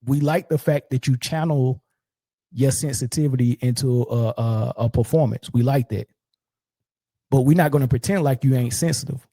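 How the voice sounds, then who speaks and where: Mocking, gravelly sports commentator man. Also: mid-range voice, normal speed, no room sound. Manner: mocking, profane, animated.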